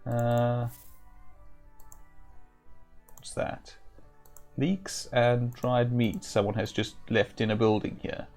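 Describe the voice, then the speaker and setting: A man's voice: mid-range voice, little pitch movement, takes it slowly, pauses often, darkish tone, faint music behind. A man streaming an old role-playing game, thinking aloud and reading in-game text with many hesitant fillers. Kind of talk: live-stream gameplay commentary.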